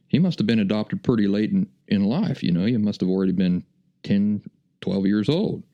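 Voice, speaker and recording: A middle-aged man speaks in a low, gravelly voice with plenty of vocal fry. He tells his story in a folksy, chuckling way, as a podcast host chatting to listeners. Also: moderate pace, warm tone, highs cut off. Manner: folksy, chuckling anecdotal delivery. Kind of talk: casual storytelling.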